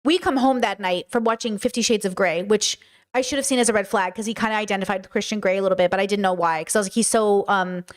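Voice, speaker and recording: A woman's voice: medium pitch, fast talker. A woman in her thirties hosting a podcast, telling a personal story in a casual monologue, acting out the dialogue and swearing freely. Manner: animated, acts out quoted dialogue, swears freely. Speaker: podcast host.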